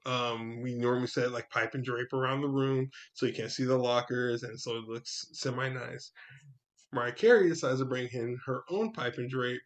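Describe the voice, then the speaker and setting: A man of middle pitch telling a story in a relaxed, casual way, swearing freely. He gets loud and pointed when quoting his own comebacks. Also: normal speed. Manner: laid-back, profane, rises into loud retorts. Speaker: podcast co-host.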